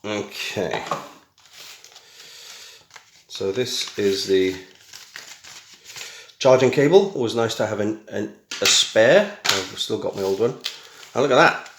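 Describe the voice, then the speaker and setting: A man's voice: lowish voice, expressive, takes it slowly, pauses often, roomy sound, background noise. A middle-aged British man chatting casually through a home unboxing, full of wry, self-mocking asides. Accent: British English. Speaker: tech vlogger. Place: small room at home. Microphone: camera mic.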